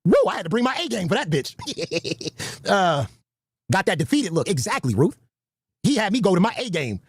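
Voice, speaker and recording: A man in a played stream clip, ranting in an animated, profane way. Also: sits high, normal speed, breathy edge, no room sound, clean studio sound. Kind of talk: animated rant.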